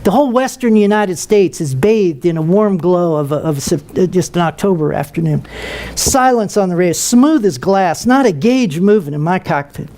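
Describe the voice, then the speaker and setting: A man's voice: high-pitched, normal speed. An older man, a retired military pilot, telling a humorous story to an audience and acting out voices. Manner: lively, humorous, acts out voices.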